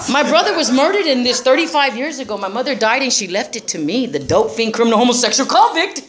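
A woman's voice: high-pitched, big pitch swings, a little fast, noisy background. A middle-aged woman speaking bluntly to a group about recovery, swearing freely and laughing often. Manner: profane, laughing, streetwise. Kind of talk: blunt personal talk to a group.

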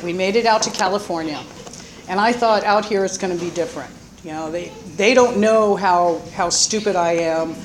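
A middle-aged woman from Florida with a Southern accent, telling her own life story in a halting way, full of pauses and fillers. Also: medium pitch, noisy background. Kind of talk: personal life story, told unscripted.

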